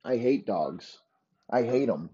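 A man's voice: mid-range voice, lively intonation, slow, mellow, husky. Profane ranting man, muffled lo-fi. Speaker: podcast host. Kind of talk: rambling comedic monologue. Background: dogs barking.

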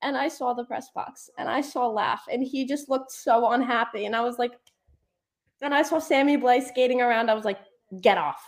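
A young woman chatting casually as a hockey fan, telling animated stories and acting out what she said. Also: a little high, normal speed. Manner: animated storytelling, acts out her own quotes. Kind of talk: casual chat.

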